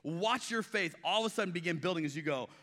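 Middle-aged male pastor, bright forceful delivery, chatty sermon style, echoing church hall. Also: high-pitched, lively intonation, fast talker. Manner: conversational, acts out quoted dialogue, frequent restarts. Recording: long reverb of a large hall.

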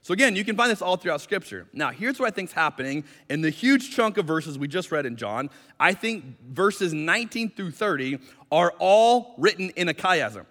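Man, pastor, sermon, conversational teaching, light humor, high-pitched, long church reverb. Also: a bit bright. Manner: conversational, explanatory, lightly joking. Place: church sanctuary.

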